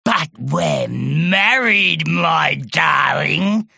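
A woman's voice: deep voice, expressive, very slow, vocal fry, pushed and bright, slightly rough, dry recording, studio quality, heavily acted. A woman voicing a sneaky, gloating female sea monster with a gurgling voice, in a storybook reading. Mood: menacing. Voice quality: gurgling, gloating, sing-song menace.

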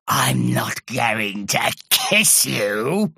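A woman's voice: rumbling low, very animated, drawn-out words, gravelly, sharp tone, husky, no room sound, studio quality, pitched below the performer's own voice, heavily acted. A woman voicing a sneaky, gloating female sea monster with a gurgling voice, in a storybook reading. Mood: menacing. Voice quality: gurgling, gloating, sing-song menace.

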